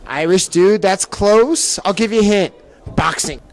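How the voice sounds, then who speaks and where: A man's voice: high-pitched, measured pace. A teenage boy hosting a school news quiz segment, playful and coaxing as he gives hints. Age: teens. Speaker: student quiz host. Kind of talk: hallway quiz segment, upbeat.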